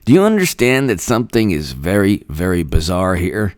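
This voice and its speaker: Brief: male stream host, low-ish voice, rambling and chuckling, thanks chatters by name. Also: big pitch swings, normal speed, hardly any pauses, dry recording, studio quality. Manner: rambling, laughs often, thanks viewers by name. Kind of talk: live-stream political commentary.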